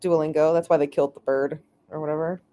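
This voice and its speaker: A woman's voice: deep voice, level tone, fast, dark tone. A woman hosting a casual live stream from her bed, chatty and giggly with lots of fillers. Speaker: streamer host. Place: lying in bed at home. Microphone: headphones with mic.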